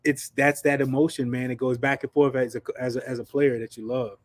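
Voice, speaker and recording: A man chatting casually as a panelist, excitable and quick to restart his sentences. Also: mid-range voice, no room sound, studio quality. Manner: excitable, stumbles and repeats words. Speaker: show panelist, former player. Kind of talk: casual chat.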